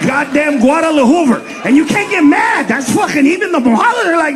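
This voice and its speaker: Male stand-up comic, very high-pitched, brash profane delivery, faint hiss behind him. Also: lively intonation. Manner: profane, rapid rants with shouted punchlines and acted-out voices. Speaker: stand-up comedian. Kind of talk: stand-up comedy set.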